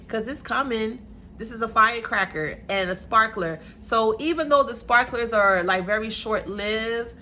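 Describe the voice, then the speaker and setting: A woman's voice: mid-range voice, bright, forceful tone, a little hiss or hum. A woman giving a casual tarot reading on her channel, talking in a sassy, chatty way full of playful slang. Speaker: tarot reader. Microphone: camera mic.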